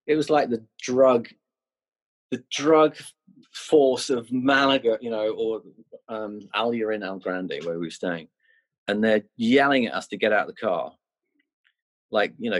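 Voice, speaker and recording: Middle-aged male guest, low, husky, chatty rambling storyteller. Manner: rambling, many restarts and "you know"s. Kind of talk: anecdotal storytelling.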